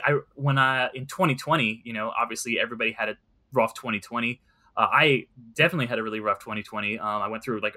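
Young man, bright voice, casual movie chat, lots of fillers, earnest. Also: mid-range voice.

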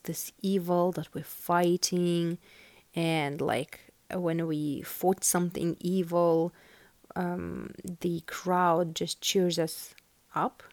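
Woman podcast host, non-native English speaker, lowish voice, unhurried tarot-reading monologue. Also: darkish tone. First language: not English. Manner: earnest, musing, full of "like" and "you know". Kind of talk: casual spiritual podcast monologue.

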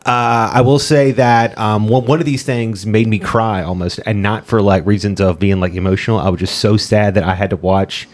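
A man's voice: fairly low pitch, fairly even intonation, normal speed, hardly any pauses. A man co-hosting a casual podcast, talking through shows and movies with many fillers and restarts. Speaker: podcast co-host.

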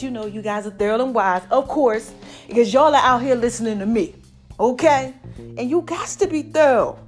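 A young woman hosting her own show, chatting playfully to her followers and calling them baby, with faint music underneath. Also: on the high side. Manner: animated, playful, calls listeners baby. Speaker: vlogger and podcast host. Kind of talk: casual chat to followers.

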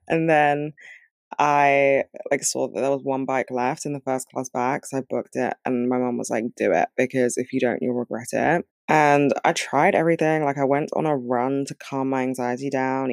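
A man who has just woken up, his voice rough and scratchy, chatting candidly to his viewers about his week. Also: mid-range voice, dry recording, clean studio sound. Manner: candid, confessional, chatty with "like" fillers. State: groggy, just woke up. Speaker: vlogger. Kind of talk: casual chat to camera.

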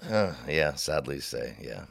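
A man with an extremely low, gravelly voice, talking in a relaxed, rambling way. He tells folksy stories and slips into voices for the people in them. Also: normal speed. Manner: rambling, folksy storyteller, acts out voices in his anecdotes. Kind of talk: casual storytelling chat.

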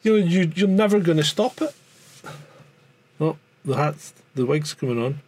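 Speaking at a normal speed, this Scottish man has a slightly high, expressive voice with a darkish tone. He's co-hosting a podcast in loose conversation, rambling, repeating himself and restarting sentences frequently.

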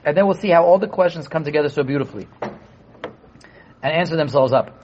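A man teaching a Torah class to a live group, animated, asking rhetorical questions and acting out voices. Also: high-pitched, fairly quick, a little hiss or hum. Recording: dull lo-fi room recording.

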